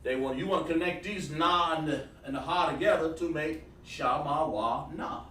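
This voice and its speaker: A man's voice: a little high, normal speed, bright, forceful tone, recorded from a distance, slight background noise. A man giving a casual livestream lesson on Hebrew letters, chatting with viewers while he draws on a board. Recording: echoey room, voice away from the mic.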